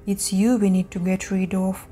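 A soft-spoken, affectionate creature lurking outside a door , as a woman narrator puts it on. The tone stays mellow and gentle, which makes it more unsettling. Faint music plays underneath. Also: medium pitch, little pitch movement, normal speed, close to an everyday voice. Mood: sinister coaxing. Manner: affectionate and coaxing. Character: unseen sinister creature coaxing at the door.

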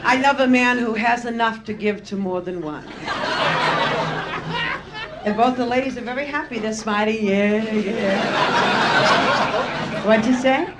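A woman's voice: on the high side, unhurried, long pauses, very noisy. Brassy lady comic on stage teasing the crowd, roomy club sound, laughs all around. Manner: brassy, teasing, chats with the audience. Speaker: stand-up comedian. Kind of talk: live bawdy stand-up routine. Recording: roomy live club recording, audience laughter.

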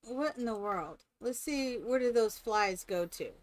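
Older woman, game streamer, chatty, thinks out loud, fairly high voice. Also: animated, unhurried. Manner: chatty, thinks aloud, coos at family. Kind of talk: casual gameplay chat.

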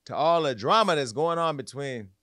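A man's voice: fairly high pitch, animated, normal speed, fairly bright tone. A man hosting a pop culture podcast, talking bluntly and candidly with crude jokes. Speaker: podcast host. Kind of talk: casual pop culture gossip.

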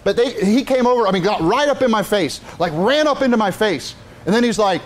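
Middle-aged male preacher, high-pitched, emphatic sermon delivery with frequent asides. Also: fast.

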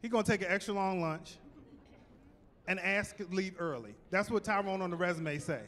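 A man performing a stand-up comedy set on a theater stage, with an animated, punchy delivery that keeps building into exclamations. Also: high-pitched, moderate pace. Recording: live hall with long reverb.

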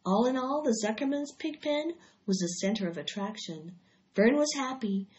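A woman reading a children's novel aloud in an unhurried way, with small slips, recorded on a dull lo-fi track. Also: mid-range voice, a little mellow.

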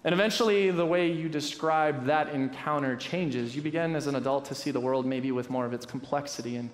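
A young adult man preaching a sermon as a pastor, telling a story in a lively, self-deprecating way with many fillers. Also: a little high, a little fast. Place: church sanctuary. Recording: roomy church echo.

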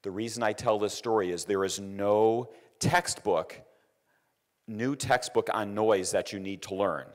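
Low-voiced man telling a lecture story. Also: measured pace. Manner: anecdotal, repeats words, quotes others in raised voice. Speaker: engineering lecturer.

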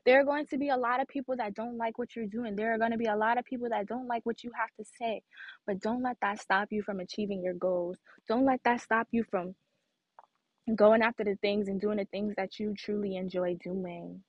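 A woman's voice: medium pitch, fairly even intonation, a little fast, no echo, dull audio. A young woman, telling a personal story in a candid, emphatic motivational vlog. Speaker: vlogger.

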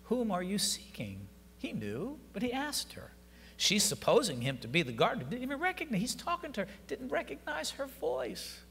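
A man preaching an Easter sermon in a high, bright voice that rings out over the congregation. He swings from hushed, near-whispered lines to fervent shouting. The sound carries a long church reverb over a faint hum. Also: sing-song, a little fast, creaky. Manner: dramatic preaching that builds from quiet to shouting. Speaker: pastor. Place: church sanctuary.

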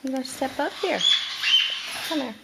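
A woman breeding parrots, talking to baby birds in a coaxing, sing-song tone with high calls. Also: expressive, normal speed, creaky, very noisy. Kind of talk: coaxing talk to pet birds.

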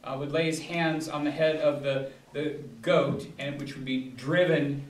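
A man's voice: fairly high pitch, fairly even intonation, measured pace. A man, a pastor, leading a Bible study in a casual, rambling way with frequent restarts. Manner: rambling, digressive, many restarts and fillers. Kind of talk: casual teaching talk. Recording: echoey room, distant mic.

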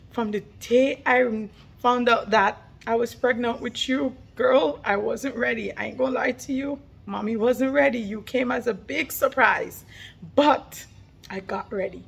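A woman's voice: a little high, creaky, fairly bright tone, breathy edge. A young woman vlogging about her daughter, gushing and heartfelt, repeating herself and laughing through tears. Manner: gushing and heartfelt, many repetitions. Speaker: vlogger, mother. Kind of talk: emotional casual vlog talk.

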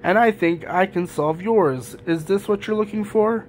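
A man's voice: sits high, normal speed, a little mellow, slight background noise, pitched above the performer's own voice, natural voice. A man reading the lines of an old, fretful Santa Claus who grumbles over lost things. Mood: relieved. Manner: grumbling, gloomy.

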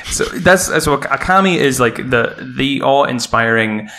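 A man's voice: mid-range voice, expressive, normal speed, bright, forceful tone, slight background noise. A Northern Irish man hosting a podcast, explaining in a rambling, self-deprecating way. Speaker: podcast host. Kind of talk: casual chat.

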